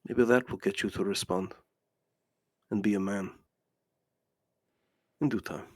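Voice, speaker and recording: Man voicing Strahd, a calm mocking vampire lord. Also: lowish voice, no room sound. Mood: cold. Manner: calm, mocking, unhurried menace. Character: ancient male vampire lord, cold and cruel.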